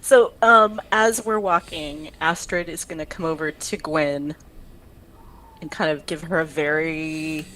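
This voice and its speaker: A woman playing a tabletop game, describing her character's actions in a lively, joking way. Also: low voice, unhurried, slight background noise. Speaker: player.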